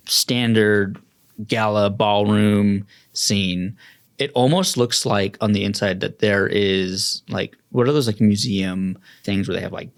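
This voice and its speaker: A man narrating a tabletop role-play as game master. He talks in a low, gravelly voice, casual and loose, with lots of fillers.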